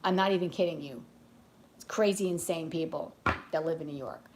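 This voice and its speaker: Background noise sits under a deep, fairly quick female voice. She's a tarot reader in a live reading, chatting between spreads, rambling onto side topics, and telling stories in a blunt, lively, talkative way.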